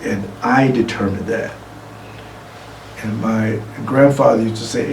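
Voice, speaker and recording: Gravelly middle-aged man telling a story. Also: on the low side, measured pace, pauses often, a little hiss or hum. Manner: lively anecdotal storytelling. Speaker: award recipient and guest speaker. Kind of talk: storytelling speech. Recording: echoey room from far off, faint ambience.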